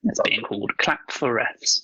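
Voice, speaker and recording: A man's voice: fairly low pitch, moderate pace, sharp tone, breathy edge, no room sound, dull audio. A man co-hosting a casual podcast chat, blunt and swearing freely. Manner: blunt, swears freely, acts out voices while joking. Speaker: podcast co-host.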